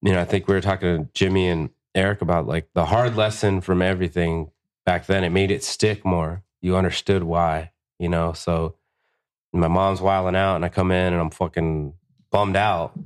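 A man, a tattoo artist and podcast guest, telling stories in a casual, profane, animated way, often acting out what people said. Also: sits low, normal speed, clean tone. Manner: profane, animated, acts out quotes. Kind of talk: casual storytelling.

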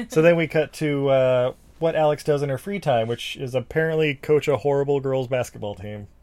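A man's voice: medium pitch, moderate pace, darkish tone. Rambling, swearing male podcast co-host. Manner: rambling, profane, lots of fillers. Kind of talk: casual movie recap chat.

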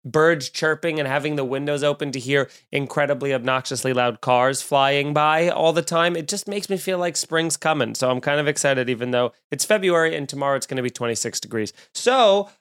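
A man's voice: a little high, brisk, few pauses, a bit bright, clear, resonant tone. A man with a Long Island accent hosting a casual comedy podcast, rambling and joking with frequent self-corrections. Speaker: podcast host.

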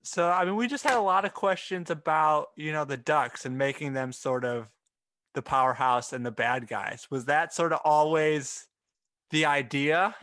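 A man's voice: on the high side, normal speed, a bit bright, no room sound. A man hosting a podcast, asking long questions with hesitant fillers. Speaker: podcast host. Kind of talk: casual podcast interview.

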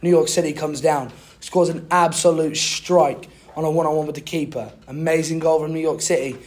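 A man's voice: a little high, fairly even intonation, moderate pace, a little mellow, lightly acted. A man putting on a mock British gent. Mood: excited. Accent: put-on British. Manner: playful, sportscaster-like play-by-play. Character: mock-posh British man recapping his week.

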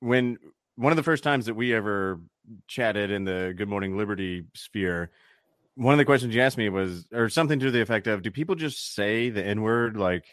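A joking man with a mid-pitched voice, talking crude and loose in casual banter. He laughs often between lines. The sound is dry and close to the mic. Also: fairly quick, a bit bright, no echo. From Georgia, US.

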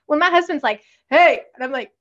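A woman's voice: high voice, brisk, a bit bright, muffled recording. A woman co-hosting a casual podcast as a military spouse, bubbly and giggly, often mimicking others.

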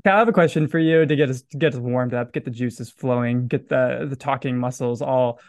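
A man's voice: medium pitch, brisk, darkish tone, no room sound, studio quality. A man with a Southern US accent hosting a casual podcast chat in a joking, self-deprecating way. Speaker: podcast host.

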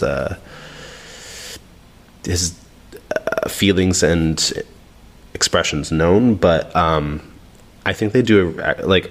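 A man co-hosting a casual book discussion, talking in a thoughtful way and searching for his words as he goes. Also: deep voice. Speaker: podcast co-host.

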